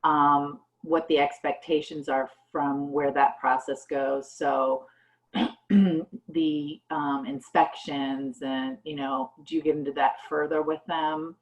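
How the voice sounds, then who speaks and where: A woman with a very low voice asks a question during a training session. She speaks slowly and haltingly, pausing on fillers as she goes. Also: steady tone, low-quality recording.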